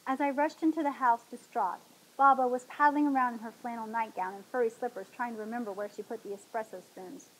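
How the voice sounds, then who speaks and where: A woman hosting a talk show, reading a novel aloud in a dramatic, expressive way. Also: on the high side, a little fast, low-quality recording.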